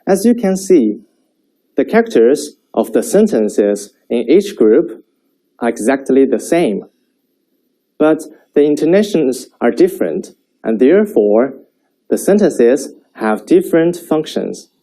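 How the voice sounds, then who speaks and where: A man teaching a Chinese language lesson, speaking slowly and clearly so learners can repeat after him. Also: mid-range voice, very animated, dark tone, poor audio. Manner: slow, clear modeling of sentences for repetition.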